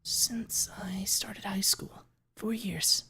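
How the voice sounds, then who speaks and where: A man voicing a pained, bitter teenage girl on the witness stand in whispered role-play, speaking quietly with a trembling, measured manner. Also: sits high, pitched above the performer's own voice. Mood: guarded. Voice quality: breathy whisper.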